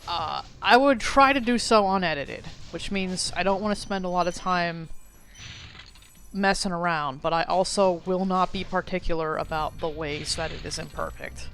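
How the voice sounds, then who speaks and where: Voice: mid-range voice, moderate pace, fairly bright tone, soft background music. A streamer giving casual gameplay commentary, rambling, swearing and mocking themselves.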